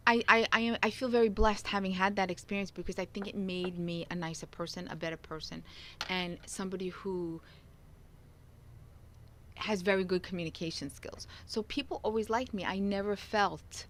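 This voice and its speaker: A middle-aged woman co-hosting a casual talk show, telling stories in a chatty, animated way. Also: fairly low pitch, moderate pace, slight background noise. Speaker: co-host. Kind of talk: casual chat.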